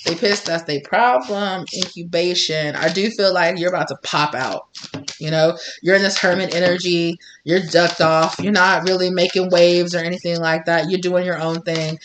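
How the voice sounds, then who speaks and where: A woman's voice: fairly low pitch, noisy background. A woman giving a chatty, blunt tarot reading, swearing freely and laughing often. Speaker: tarot reader.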